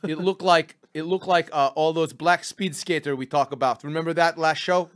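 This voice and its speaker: A man's voice: high voice, very animated, takes it slowly, no echo, pitched above the performer's own voice, exaggerated voice. A man playing a brash, crude Russian podcast host in a put-on Russian accent with broken English and dropped articles. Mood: boastful. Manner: loud and hammy, dropping articles.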